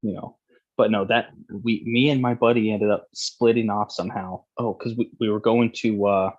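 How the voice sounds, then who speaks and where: A man's voice: lowish voice, steady tone, normal speed, darkish tone, dull audio. A young man casually telling a long, profane, rambling story as a podcast host.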